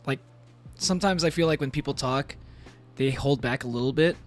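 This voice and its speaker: A man's voice: medium pitch, normal speed, faint music behind. Rambling, laughing male streamer at home. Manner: rambling, animated, laughs often between thoughts. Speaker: VTuber streamer. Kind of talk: casual live-stream chat while gaming.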